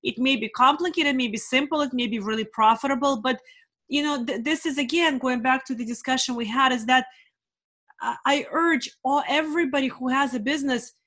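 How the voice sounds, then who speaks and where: A woman with a notably high voice speaks as a guest in a casual interview. She gives business advice earnestly, urging her listeners on, and slows down to stress her key points. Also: fairly bright tone. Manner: earnest, urging, fast bursts then slow emphasis.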